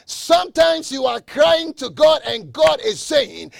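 A man preaching a sermon, shouting scripture with slow dramatic emphasis and swinging between loud proclamations and quiet asides. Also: very high-pitched, animated, creaky, no echo. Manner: quoting scripture.

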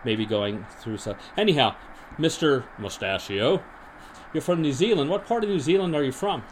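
Deadpan, rambling male podcast host. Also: on the high side, moderate pace, slight background noise. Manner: deadpan, rambling with many restarts. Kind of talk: improvised comedy monologue and mock interview.

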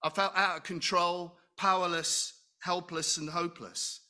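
A middle-aged man delivers a sermon in a chatty style, posing questions to the congregation and poking fun at himself. His voice is high-pitched and sharp, held at an even tone and paced a little slowly.

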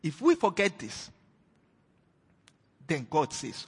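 A man preaching a sermon, emphatic, moving between loud declarations and hushed retellings of scripture. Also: high voice, sing-song, measured pace, husky. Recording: long hall reverb.

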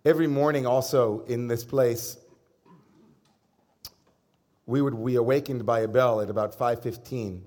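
Storytelling rabbi, relaxed and conversational. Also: male voice, medium pitch, unhurried, pauses often. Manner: conversational storytelling with gentle humor. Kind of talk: sermon.

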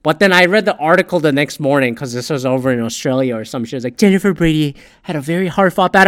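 A man in a casual, profane, self-mocking monologue, dropping to mumbles and then bursting out loud. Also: fairly high pitch, animated, fast talker, hardly any pauses, clear, resonant tone.

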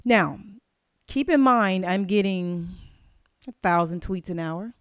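Blunt, profane woman with a smooth voice. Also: fairly low pitch, slow, no room sound, clean studio sound. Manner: blunt, outspoken and profane, laughs often. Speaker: interview guest. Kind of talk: candid interview chat.

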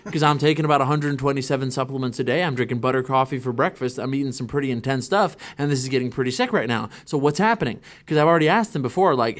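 A man, a stand-up comedian, telling crude stories in a brash, excitable way. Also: mid-range voice, quick pace. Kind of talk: comic storytelling.

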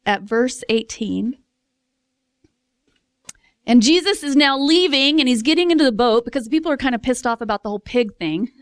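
Woman preacher, casual and expressive, fairly high voice, dry close recording. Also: moderate pace, no echo. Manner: chatty and expressive, laughs often, acts out voices. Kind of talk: casual sermon.

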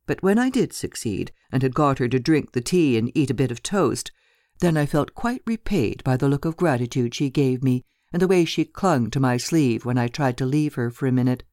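A woman's voice: very deep voice, lively intonation, moderate pace, dark tone, dry recording, clean studio sound. A woman narrator voicing a chatty, gossipy middle-aged landlady in an audiobook, rambling and talkative.

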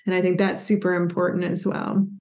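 Mellow-voiced woman, earnest interview guest. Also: on the low side, monotone, a little fast, gravelly. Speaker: guest, executive coach.

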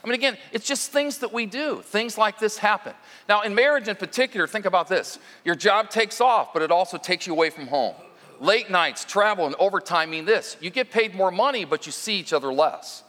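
A man's voice: high voice, bright, forceful tone, long reverb tail. A man preaching as lead minister, mixing stories with direct talk to the congregation in a conversational sermon.

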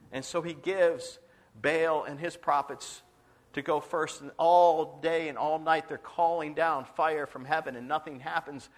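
A man's voice: on the high side, measured pace, fairly bright tone. A male pastor preaching a sermon, telling stories dramatically and acting out the voices, sometimes dropping to a whisper.

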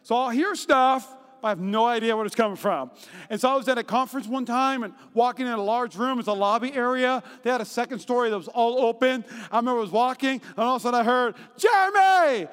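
High-voiced pastor preaching in a reverberant hall. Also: male voice, fast, smooth. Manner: animated storytelling, acts out quotes in high voices. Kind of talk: sermon. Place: church auditorium.

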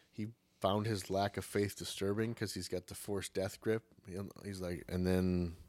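A man with a lowish voice runs through a movie plot in loose, profane podcast chatter. He jokes as he goes. The sound is close and dry, with no room around it. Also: dry recording. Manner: profane, jokey, slips into mocking voices. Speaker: podcast co-host. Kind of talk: casual movie recap chat.

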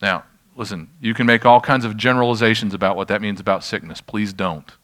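A middle-aged male pastor delivering a sermon in a relaxed, storytelling manner. His voice sits fairly low but has a forceful, bright edge. He drifts into self-deprecating asides and brings the room back to his point. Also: fairly quick. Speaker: pastor leading a healing ministry.

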